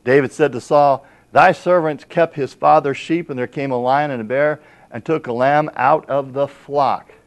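A man's voice: mid-range voice, steady tone, moderate pace. A man preaching a sermon as pastor, reading scripture aloud and putting rhetorical questions to the congregation with emphasis.

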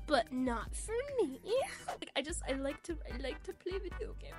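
Young woman streamer, very high voice, brash and swearing, music playing behind. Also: lively intonation, normal speed, few pauses. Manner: brash, swearing, playful ranting at chat, sudden shouts. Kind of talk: casual live-stream chat.

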